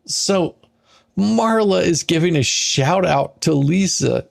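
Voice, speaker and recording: Exasperated male commentator, slow and husky, dry close sound, sarcastic rant. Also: fairly high pitch, expressive, no room sound. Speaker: commentator reading a court filing. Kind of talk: ranting commentary.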